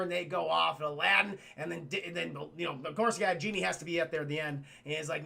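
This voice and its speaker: A man streaming a casual film recap to his live chat, excitable and profane, calling out to the chat often. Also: fairly high pitch, fast, gravelly, few pauses.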